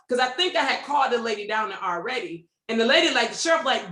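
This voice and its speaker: Detroit woman, host, high voice, storyteller with echoey call audio. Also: quick pace. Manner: animated, laughing, acts out quoted voices. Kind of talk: casual storytelling. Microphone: video call.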